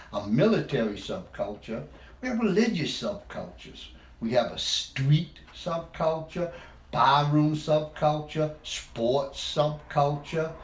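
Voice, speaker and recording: A man from the United States speaks in an informal, meandering monologue, often restarting phrases and laughing at his own words. His voice sits slightly high for a man. The room around him is echoey. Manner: rambling, repeats words, laughs at himself. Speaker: speaker on language.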